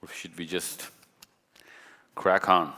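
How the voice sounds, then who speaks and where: Guy on stage chatting with the crowd, lowish bright voice, big echoey hall. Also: steady tone, slow pace. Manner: chatty, jokey, questions the audience directly. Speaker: speaker at a live event. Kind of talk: casual talk to a live audience. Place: large hall with stage lights. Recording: long hall reverb.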